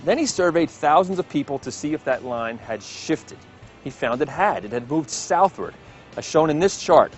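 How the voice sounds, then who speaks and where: A male host narrating a local news feature and chatting with people on the street, upbeat and lively. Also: on the high side, lo-fi sound.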